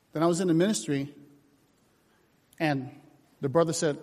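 A man preaching a sermon, telling personal stories with acted-out dialogue, moving from loud shouts to hushed whispers. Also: fairly high pitch, normal speed, long pauses. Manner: animated storytelling, shifts from shouts to hushed whispers. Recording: long hall reverb.

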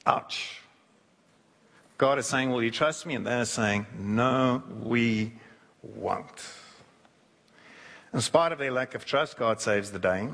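A man preaching a sermon who acts out quoted voices, shifting his pitch and pace. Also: a bit bright. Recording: long hall reverb.

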